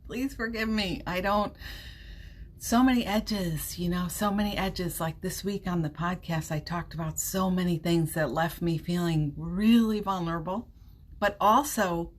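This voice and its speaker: A woman hosting a casual live stream, chatty, laughing often and reassuring her viewers, with a runny nose. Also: fairly low pitch. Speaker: livestream host.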